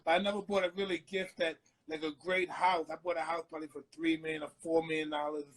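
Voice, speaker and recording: A middle-aged man speaking as an interview guest, soft-spoken and halting, often repeating himself. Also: on the high side, little pitch movement, low-quality recording. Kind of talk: casual interview chat.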